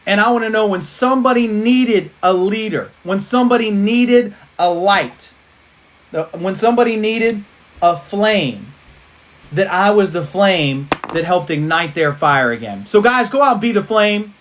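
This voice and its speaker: A man with a high-pitched voice gives his team an energetic pep talk on a livestream at a measured pace. Like a preacher, he keeps repeating rallying lines.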